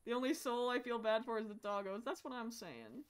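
A young woman streaming horror games, jumpy and profane, swinging from low muttering to sudden shouts. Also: expressive, fairly quick. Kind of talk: live-stream gameplay commentary.

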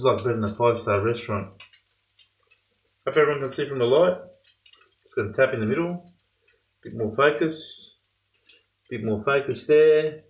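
A man chatting enthusiastically to his viewers while cooking at home in his kitchen. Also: mid-range voice. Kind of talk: casual cooking vlog. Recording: echoey kitchen with pots and pans.

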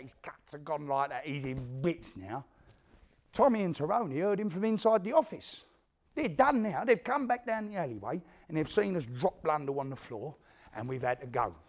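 A man playing an East End career criminal in a one-man stage play, telling his violent story in coarse, swearing East London street talk and acting out what others said. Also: fairly high pitch. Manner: animated storyteller who acts out the quotes of others. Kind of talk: theatrical monologue to a live audience.

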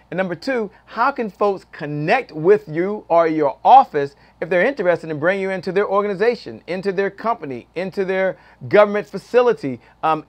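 Man, talk show host, fairly high voice, energetic, emphatic, repeats himself. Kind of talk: upbeat interview hosting.

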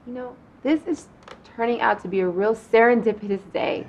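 A gushing, heartbroken young woman, played by an actress, talks in quick, dramatic bursts with a gravelly edge. Her voice sits at a middle pitch, and the sound is slightly dull. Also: slight background noise, lightly acted. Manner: gushing and quick, swings between upset and charmed.

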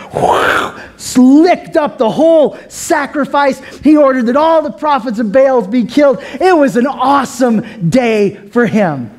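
A male pastor preaching a sermon, telling a story in an animated way. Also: very high-pitched.

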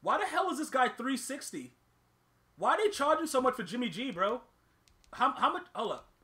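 A man giving ranting gameplay commentary as a gaming host, excitable and full of slangy trash talk. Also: very high voice, normal speed.

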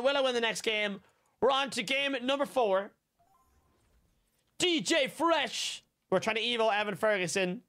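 Brief: young Irish man, high and bright, chatty gaming streamer, swears, yells at big moments. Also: vocal fry. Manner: chatty, swears freely, reads out chat names, shouts at goals. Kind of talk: casual live-stream chat and game commentary.

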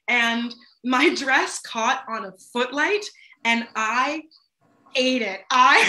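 Woman, young, high voice, bright tone, animated, laughing, echoey room. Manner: animated storyteller, laughs often. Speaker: stage actor, interview guest. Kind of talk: casual anecdote on a video call.

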